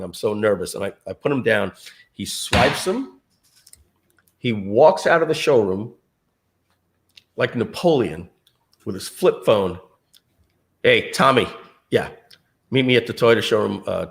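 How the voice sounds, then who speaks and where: A man's voice: mid-range voice, vocal fry. A middle-aged man telling a personal story to an audience, acting out what other people said in their own voices. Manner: acts out other people's lines in quoted voices.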